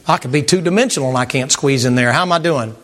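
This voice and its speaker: A man preaching a sermon to a congregation in a folksy, animated way, repeating words and mimicking sounds. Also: mid-range voice, fast talker. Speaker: pastor. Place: church sanctuary with congregation.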